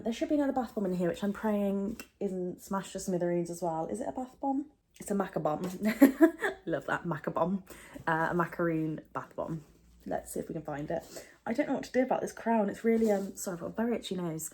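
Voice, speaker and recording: British woman, young, beauty vlogger, low-ish voice, chatty and rambling. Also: darkish tone. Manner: chatty, rambling, many fillers and asides. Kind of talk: casual product unboxing chat.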